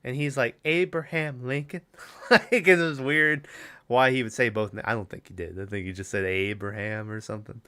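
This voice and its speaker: A man's voice: fairly low pitch, a little fast, pushed and bright, clean tone. A man co-hosting a podcast, rambling through a casual movie recap with lots of fillers and swearing. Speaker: podcast co-host.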